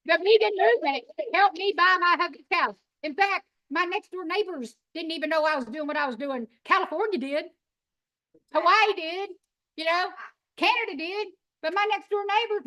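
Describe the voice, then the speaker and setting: A middle-aged woman, telling her story in an animated, folksy, emphatic way. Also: sits high. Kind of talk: storytelling talk.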